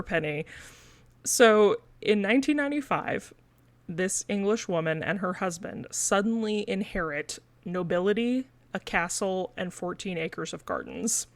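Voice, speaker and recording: A woman from Missouri, USA, with a Missouri accent, co-hosts a podcast in a casual chat packed with fillers and laughter between points. Her voice is mid-range with big pitch swings, her pace is measured, and there's no echo.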